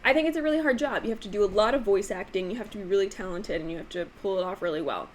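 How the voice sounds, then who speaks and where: A woman hosting a casual book vlog, talking emphatically with lots of "like" fillers and sometimes showing off voices with sudden jumps in pitch. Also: racing, slight background noise. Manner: chatty, emphatic, frequent "like" fillers. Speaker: book channel host.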